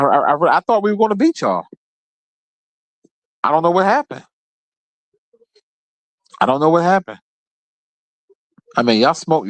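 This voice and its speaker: Hosting his own show, this Philadelphia-area man rants casually about basketball, trash-talking bluntly and with profanity. His voice is a little high and the recording has no echo.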